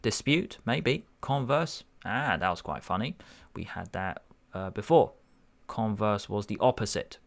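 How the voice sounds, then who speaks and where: A man's voice: lowish voice, animated, creaky. A man tutoring, working through a verbal reasoning test paper aloud and musing over each answer. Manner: musing, unhurried, self-correcting.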